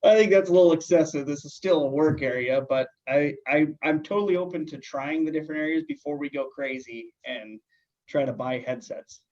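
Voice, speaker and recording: A man playing calm coworker Tom. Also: on the high side, natural voice. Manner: halting, hesitant, agreeable. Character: calm male office coworker Tom, agreeable. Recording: dull lo-fi sound.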